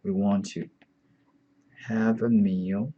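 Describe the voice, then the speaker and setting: A man's voice: on the low side, fairly even intonation, lo-fi sound, slight background noise. A man teaching an online beginner Chinese lesson, patient and repetitive, saying each word several times. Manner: slow, patient, repeats words often.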